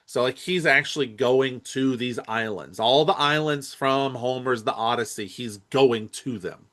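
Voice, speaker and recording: A man co-hosts a casual movie podcast, his voice sitting at an ordinary middle pitch. He rambles and hesitates, restarting his sentences often as he thinks aloud. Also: measured pace, fairly bright tone. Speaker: podcast co-host.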